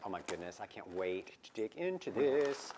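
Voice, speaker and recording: A man co-hosting a live shopping stream, chatting and enthusiastically pitching products. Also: big pitch swings, normal speed, a little mellow, slight background noise. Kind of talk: casual live-stream chat.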